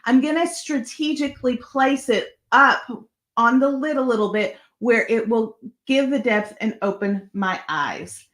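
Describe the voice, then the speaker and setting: A woman's voice: fairly high pitch, fairly bright tone. A woman hosting a live makeup tutorial, chatty and encouraging as she talks straight to her viewers.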